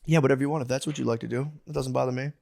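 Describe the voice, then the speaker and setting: A man's voice: mid-range voice, racing, vocal fry. A man co-hosting a podcast in casual comedic chat, acting out his own lines, swearing freely and laughing often. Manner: animated storyteller, acts out his own lines. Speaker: podcast co-host.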